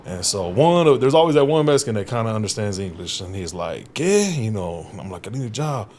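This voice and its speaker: A man's voice: lowish voice, quick pace, a little hiss or hum. Profane, laughing storyteller man. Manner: profane, animated, laughs often, acts out quotes. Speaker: guest comedian. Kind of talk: casual storytelling chat. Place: podcast studio.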